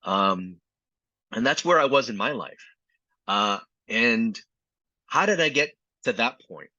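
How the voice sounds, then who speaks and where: A man's voice: medium pitch, animated, slow, sharp tone, dry recording. A middle-aged man from Vietnam, a physician, telling his personal story as a podcast interview guest in an earnest, reflective way. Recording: slightly dull lo-fi sound.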